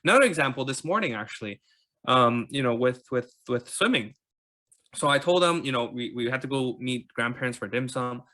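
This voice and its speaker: A man's voice: mid-range voice, expressive, fairly quick, sharp tone. A Canadian man in his thirties talking casually as a podcast host, with lots of fillers and repeated words. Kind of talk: casual conversational chat.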